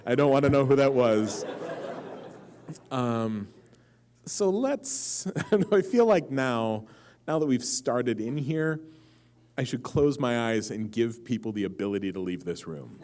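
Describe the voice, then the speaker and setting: A man's voice: mid-range voice, very animated, slow pace, a little mellow. A man in his forties giving a jokey live talk to a convention audience, telling stories with playful quoted voices before a question-and-answer session. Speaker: author at a convention panel. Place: large convention room with audience. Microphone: handheld or stand mic.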